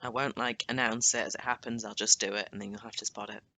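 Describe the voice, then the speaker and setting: Bright-voiced young man teaching. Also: fairly low pitch, little pitch movement, fast talker, gravelly, a little hiss or hum. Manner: chatty, explains with asides and self-corrections. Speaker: language teacher. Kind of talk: casual screen-share lesson.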